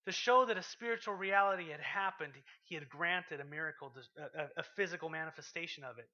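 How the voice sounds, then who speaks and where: Animated pastor, bright lo-fi sermon. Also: male voice, fairly high pitch, fairly quick. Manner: animated, reads scripture aloud with rising intensity, drops to quiet asides. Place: church. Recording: lo-fi sermon podcast recording.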